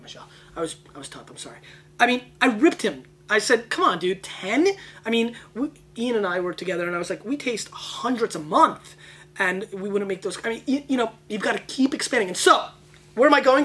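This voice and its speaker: A man hosting a casual wine tasting video, brash and excitable, veering off into rambling tangents. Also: sits high, a little hiss or hum. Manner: brash and emphatic. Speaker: wine show host.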